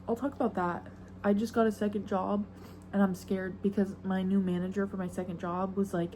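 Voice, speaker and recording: A woman's voice: medium pitch, flat delivery, a little fast, dark tone, slight background noise, poor audio. A young woman hosting a podcast alone, chatting in a rambling, slangy, self-mocking way into a phone camera. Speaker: podcast host. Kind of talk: casual solo chat.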